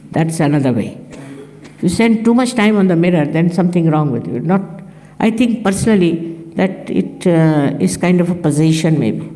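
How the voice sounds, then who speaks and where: An older woman giving a conversational spiritual talk, telling anecdotes and acting out the voices of the people in them. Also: dark tone. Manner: conversational, tells anecdotes, acts out quoted speech in a higher voice. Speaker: spiritual teacher. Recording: archive recording in a reverberant hall.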